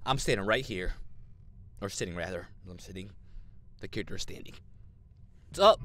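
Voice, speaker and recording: A man's voice: lowish voice, sing-song, moderate pace, long pauses, a bit bright, a little hiss or hum. A young man giving horror game commentary, brashly trash-talking in slang. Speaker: gamer. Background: game music.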